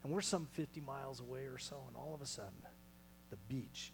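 Male pastor, middle-pitched, preaching with big loud-to-hushed swings in a small church, faint hum on the track. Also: a little fast, vocal fry. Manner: dramatic swings from loud calls to hushed near-whispers. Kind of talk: sermon.

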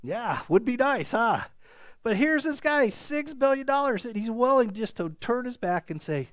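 A pastor preaching a sermon, emphatic and animated, repeating words for stress. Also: male voice, very high-pitched, measured pace, no room sound.

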